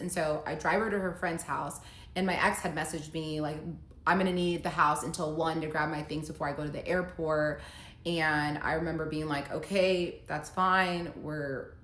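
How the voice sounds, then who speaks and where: A woman's voice: low-pitched, a bit bright. A woman telling her own breakup story in a casual monologue, emotional, reading messages aloud in her own voice. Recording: echoey room.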